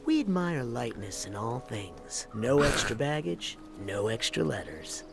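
An actor voicing a pompous, smooth-talking father in a video game. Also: mid-range voice, sing-song, measured pace. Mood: lofty. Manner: pompous, self-assured. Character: smooth-talking father, grandly pleased with himself. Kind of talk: game dialogue. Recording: game audio under music.

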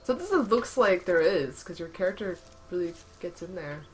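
A woman's voice: fairly low pitch, expressive, normal speed, slight background noise. A woman giving casual let's-play commentary, sarcastic, talking back to the game, laughing and yelping often. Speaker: gameplay commentator.

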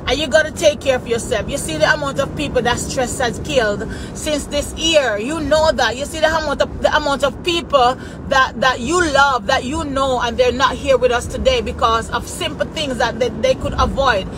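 A woman's voice: high-pitched, normal speed, hardly any pauses, crowd noise. Jamaican woman chatting from her car. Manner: chatty, greets viewers by name, patois phrasing. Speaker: vlogger greeting live viewers. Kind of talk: casual live-stream chat while driving. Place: inside a car in traffic. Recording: noisy car, road noise behind.

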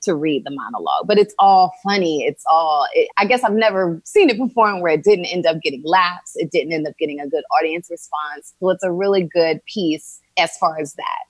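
A woman's voice: lowish voice, a little fast, hardly any pauses, dry recording. A woman from Philadelphia, an actress and writer, talking earnestly in an interview and thinking aloud as she goes. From Philadelphia, USA. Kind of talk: interview conversation.

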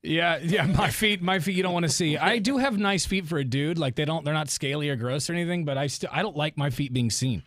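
A man hosts a talk show from a studio, chatty and quick to poke fun at himself. His voice sits a bit high, recorded dry and close. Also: dry recording. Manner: chatty, self-deprecating, excitable. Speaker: show host. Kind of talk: casual studio chat. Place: radio studio.

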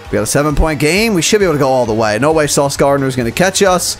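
A young man talks through his own video game match in a slightly high voice. He murmurs his reads under his breath, then breaks into lively, shouted cheers at the big plays. Faint music plays quietly behind him. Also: quick pace. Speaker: gaming YouTuber. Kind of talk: live gameplay commentary.

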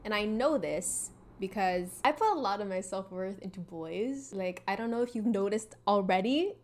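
A woman's voice: medium pitch, expressive, normal speed, a little hiss or hum. A young woman with a Filipino accent, hosting a casual confessional podcast, chatty and self-mocking, laughing often. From Philippines. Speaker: podcast host.

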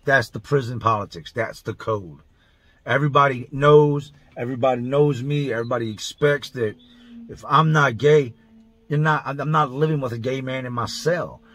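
Speaking at medium pitch and a moderate pace, this man's fairly bright voice comes through with no room sound. He's a vlogger vividly retelling his time in prison step by step, using blunt, profane street slang in a casual monologue.

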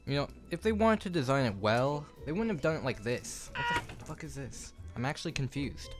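A man's voice: medium pitch, huge pitch swings, normal speed, music in the background. A young man filming a casual vlog in his home kitchen on a phone, flustered and self-mocking as he swears through a build. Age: young adult. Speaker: YouTuber. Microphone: phone camera.

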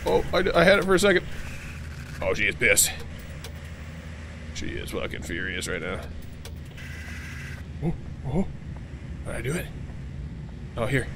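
A man's voice: medium pitch, very animated, moderate pace, pauses often, a bit bright, slight background noise. A man casually commenting on a game he plays, joking, swearing and talking to the characters. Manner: chatty, jokey, swearing, talks to game characters. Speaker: gaming channel host. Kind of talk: casual let's play commentary.

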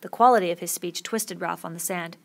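A woman reading a novel aloud with steady, expressive storytelling. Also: on the low side, a little fast, vocal fry. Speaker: audiobook reader.

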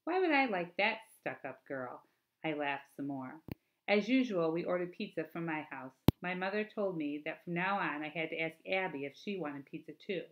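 Woman, teacher, reading a children's novel aloud, expressive storytelling, lower-pitched voice, chatty asides. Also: normal speed, narrow, tinny audio.

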